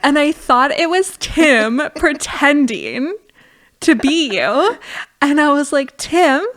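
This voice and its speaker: Giggly, higher-pitched woman telling a story. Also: big pitch swings, takes it slowly, fairly bright tone. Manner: laughs often while telling a story, full of "like". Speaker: podcast guest, former doula. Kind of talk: casual storytelling.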